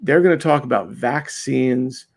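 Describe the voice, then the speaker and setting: A man with a gravelly, creaky, mid-range voice speaks unhurriedly as a guest on a casual interview show, where he's known as an undercover video maker. He rambles, often restarts his sentences, and acts out the people he describes.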